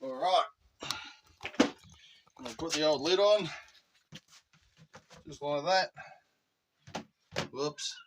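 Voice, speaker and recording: A man's voice: on the high side, drawn-out words, long pauses, recorded from a distance, noisy background. Laid-back Australian man filming outdoors. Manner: laid-back, chatty, rambling asides. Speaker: channel host. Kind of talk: casual how-to vlog. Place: outdoors in a backyard.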